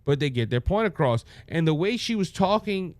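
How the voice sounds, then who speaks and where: A man with a Cajun accent hosts his own commentary podcast, talking in a folksy, conversational way. His voice sits a little high for a man. It is recorded close and dry, with no room sound. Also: big pitch swings, normal speed, no room sound. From Louisiana. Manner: conversational, folksy, with frequent restarts. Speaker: podcast host and minister. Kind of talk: conservative political commentary podcast.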